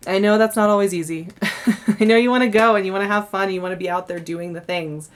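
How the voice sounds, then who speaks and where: A woman's voice: medium pitch, a little fast. A young woman giving a casual monthly tarot reading, chatty and effusive, laughing often and a little tired. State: yawning, tired. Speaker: tarot reader.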